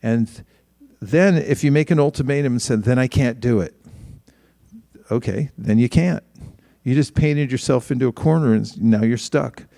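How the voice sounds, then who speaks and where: Man giving a relaxed conversational spiritual talk. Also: mid-range voice, creaky, no echo, clean studio sound. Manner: conversational, halting with restarts.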